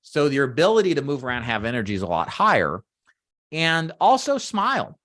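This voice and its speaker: A man in his thirties coaching sales agents, emphatic and animated, acting out sample phone pitches on camera. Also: a little fast. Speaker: sales trainer. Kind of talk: training talk to agents. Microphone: webcam or desk mic on camera.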